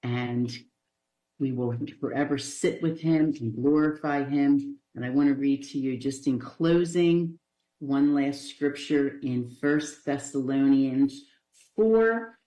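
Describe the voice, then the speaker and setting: A woman's voice: a bass voice, takes it slowly, mellow, echoey room. A woman pastor giving a Bible study sermon in a chatty way, repeating phrases and tossing in joking asides. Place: church.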